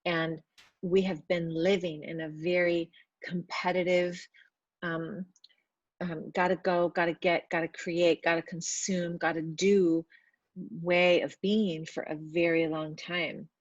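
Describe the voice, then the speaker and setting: Woman spiritual speaker, lowish voice, chatty and filler-heavy, dry dull recording. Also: flat delivery, slow, no echo. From Italian family background. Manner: loose and chatty, with many fillers; works at speaking gently. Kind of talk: casual spiritual talk to viewers.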